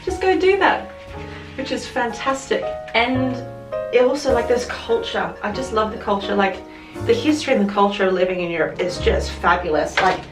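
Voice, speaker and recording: A woman's voice: mid-range voice, animated, normal speed. A woman with an Australian accent chatting to camera as a vlogger, rambling and correcting herself as she goes. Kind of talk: casual chat to camera. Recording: roomy echo, mic at a distance, music behind. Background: music.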